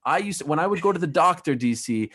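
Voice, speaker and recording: A man's voice: on the high side, lively intonation, fast, a bit bright. A man in his thirties hosting a casual chat, enthusiastic and steering the talk with questions and anecdotes. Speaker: host, journalist.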